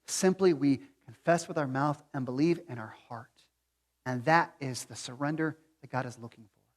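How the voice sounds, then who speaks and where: A man preaching a sermon as pastor, moving between quiet reflection and loud, pleading appeals. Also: medium pitch, moderate pace, in a large hall. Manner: swings from hushed to near-shouting pleading. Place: church sanctuary.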